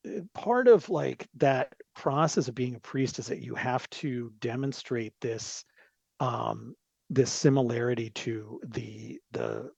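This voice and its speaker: A man's voice: mid-range voice, slow, vocal fry, darkish tone, slightly rough, no echo. A man talking as a podcast guest in a rambling, digressive casual chat, with frequent asides, on a dull lo-fi recording.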